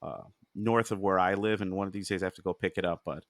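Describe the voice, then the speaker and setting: A man's voice: low voice, steady tone, fast talker, no echo, studio quality. A man co-hosting a podcast, chatting in a rambling, self-amused way with many fillers. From United States. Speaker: podcast co-host. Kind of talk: casual chat.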